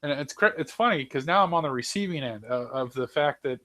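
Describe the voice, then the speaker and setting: A man from New Zealand in casual chat, animated, laughing often and swearing casually. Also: fairly high pitch, fairly quick, no echo. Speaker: host.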